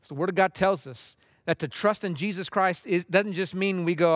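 A man preaching a sermon as pastor, impassioned and earnest, moving between urgent pleading and hushed intimacy. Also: high-pitched, expressive, normal speed, hardly any pauses, no echo, studio quality.

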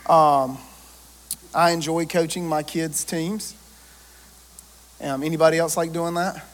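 A man, a pastor preaching a lively sermon and joking with his congregation. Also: fairly high pitch.

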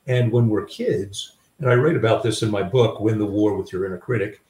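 A man's voice: lowish voice, brisk, a little mellow. An older man, a guest author, telling personal stories in a reflective conversational way with many fillers. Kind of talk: conversational storytelling. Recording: roomy sound, distant mic.

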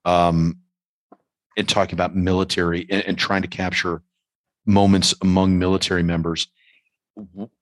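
Low-voiced man asking thoughtful questions. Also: flat delivery, normal speed, pauses often, no room sound, poor audio. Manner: thoughtful, searching questions with restarts. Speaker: podcast host, interviewer. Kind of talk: conversational interview.

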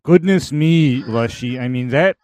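Slow, careful man explaining technique. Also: medium pitch, a crowd in the background. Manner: measured, explains methods step by step. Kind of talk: casual technical talk.

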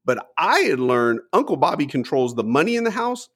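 A middle-aged man telling a story in casual chat, acting out the people he quotes with big jumps in pitch. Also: moderate pace, breathy edge. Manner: animated, acts out quotes with lively pitch jumps. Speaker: guest storyteller.

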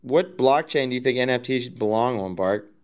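A man's voice: medium pitch, expressive, brisk, smooth. A man chatting casually, swearing often and mocking his friends. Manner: profane, mocking. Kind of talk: casual chat.

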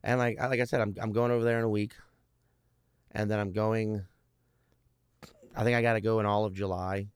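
A man's voice: fairly low pitch, level tone, fairly quick, long pauses, clean tone, no echo, clean studio sound. A man, a stand-up comedian, chatting casually as a guest; he rambles, swears often and restarts his sentences. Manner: rambling, profane, many restarts. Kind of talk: casual podcast chat.

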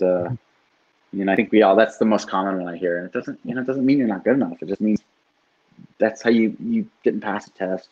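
Husky-voiced life coach, animated talker. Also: male voice, sits low, dull audio. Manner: animated, swears, keeps asking "right?". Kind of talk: casual podcast conversation.

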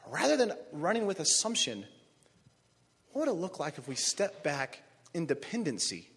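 A man preaching a sermon, animated, acting out voices of biblical figures. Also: a little high, normal speed, slightly rough, in a large hall. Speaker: pastor.

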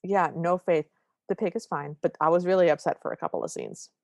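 A woman co-hosting a podcast, recapping a movie in wry, quick, casual chat. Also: lowish voice, darkish tone, no room sound, clean studio sound. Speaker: podcast co-host.

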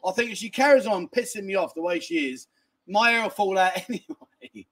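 A man's voice: high-pitched, expressive, brisk, a bit bright. A middle-aged man hosting a casual livestream, bantering and laughing as he reads viewer comments, tired from lack of sleep. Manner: cheeky, banters and laughs while reading comments. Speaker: livestream host.

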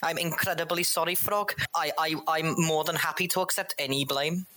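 An over-polite troubleshooter, put on by a player speaks in a lifted, earnest voice. He is eager to please and quick to accept any blame. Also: mid-range voice, steady tone, bright, forceful tone, pitched above the performer's own voice, lightly acted. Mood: apologetic.

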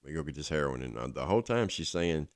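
A man's voice: rumbling low, very animated, quick pace, no room sound, studio quality. A man telling his own story in a rambling, casual way, full of fillers. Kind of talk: personal storytelling.

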